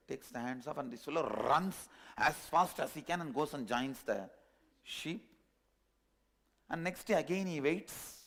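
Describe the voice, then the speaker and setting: A man, a spiritual teacher telling a parable in a discourse, animated and chuckling at his own jokes. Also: on the high side, gravelly.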